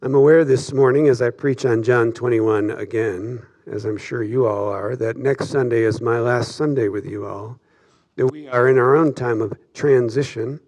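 Male pastor, sermon, gravelly texture, measured reflective delivery. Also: mid-range voice, a little mellow. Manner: reflective, measured preaching with slow emphatic pauses. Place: church sanctuary.

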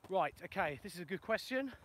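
High, bright-voiced man. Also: animated, brisk, slight background noise. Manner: chatty, self-mocking, answers viewer questions. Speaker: plumber and video host. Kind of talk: casual live-stream chat while walking. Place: outdoors in a ploughed field in the countryside. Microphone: phone for a live video.

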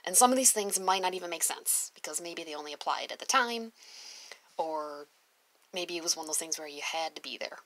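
A woman who used to teach preschool, reading her old notes aloud in a casual chat, gushing and dropping into soft whispered asides. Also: lowish voice, lively intonation, fairly quick, poor audio.

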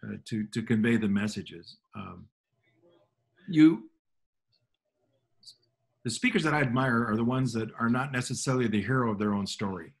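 A middle-aged man, a motivational speaker, telling relaxed self-deprecating anecdotes in conversation. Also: medium pitch, moderate pace, creaky, long pauses. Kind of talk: storytelling in a radio conversation.

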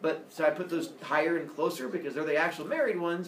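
A man's voice: fairly high pitch, fast talker, slight background noise. A man teaching a class, retelling a myth in a playful, jokey way. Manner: playful, jokey, laughing often. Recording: echoey classroom from far off.

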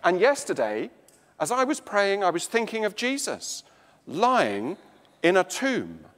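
Man, English accent, preacher, very slow, lively rising and falling voice, long church reverb. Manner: slow, emphatic preaching with dramatic swings of pitch and volume. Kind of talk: sermon.

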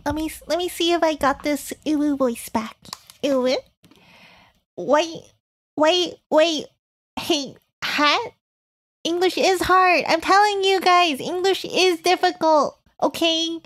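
A woman's voice: very high voice, slow pace, a bit bright, voice pushed up, full character voice. A woman streamer putting on a cutesy uwu baby-talk voice, giggling and stumbling over words as she reads to chat. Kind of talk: live stream chat in a put-on voice.

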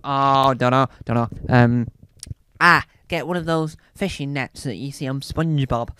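A British man doing stand-up, telling a rambling story and acting out scenes with sudden loud, high squeals. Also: normal speed, slight background noise. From Britain. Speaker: stand-up comedian.

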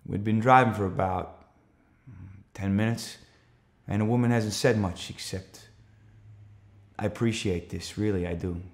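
A man's voice: lowish voice, steady tone, measured pace, pauses often. A man from Australia acting a stage monologue, playing an anxious countryman who earnestly recounts a night drive. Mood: uneasy. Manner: earnest, rising to urgent shouts when retelling the chase. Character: anxious rural man, defensive storyteller. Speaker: actor performing a stage monologue. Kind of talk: theatrical monologue.

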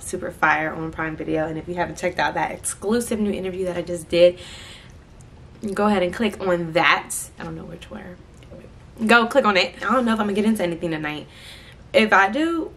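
A woman's voice: lowish voice, fairly bright tone, a little hiss or hum. A young woman from Pennsylvania chatting playfully to her viewers in a casual vlog. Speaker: vlogger. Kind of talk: casual vlog chat to camera.

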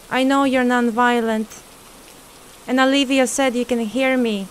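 Woman gamer, slow nervous commentary, faint rain behind. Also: fairly high pitch, steady tone, a little hiss or hum. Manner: talks to the ghost, scared, laughing nervously. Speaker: streamer playing a horror game. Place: at home at her computer.

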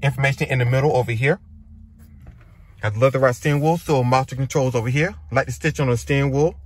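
A husky, mid-range male voice moves at a quick pace through casual car walkaround commentary. He's reviewing a pickup at a dealership, on the lot and in the truck, calling out its features in brief, offhand phrases.

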